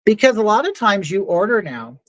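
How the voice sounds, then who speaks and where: A woman's voice: mid-range voice, very animated, fairly quick, dry recording, low-quality recording. A woman hosting a livestream, telling stories in a chatty, opinionated way with many asides. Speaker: livestream host. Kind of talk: casual livestream monologue.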